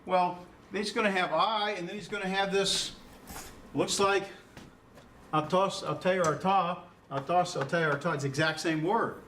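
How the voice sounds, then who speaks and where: A man's voice: high voice, fairly even intonation, moderate pace, a bit bright. Man lecturing from across a classroom. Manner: informal, filler-heavy explaining with questions to students. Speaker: Greek instructor. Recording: distant mic, faint noise.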